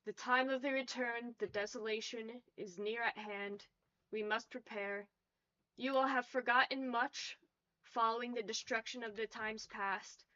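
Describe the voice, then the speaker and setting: A woman voicing an entranced male prisoner who speaks as a herald in a flat, muffled monotone. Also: a little high, unhurried, clear, resonant tone. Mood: monotone trance. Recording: lo-fi muffled audio.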